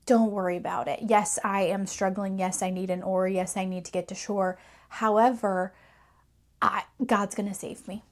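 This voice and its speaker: A woman's voice: medium pitch, little pitch movement, normal speed, darkish tone, lightly acted. A woman voicing a stubborn stranded man who cheerfully brushes off rescuers and insists he is fine. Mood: breezy refusal.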